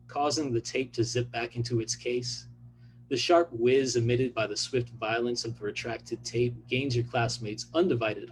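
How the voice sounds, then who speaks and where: A man, an author, reading his own fiction aloud in a measured, even delivery. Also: mid-range voice, a little hiss or hum, low-quality recording.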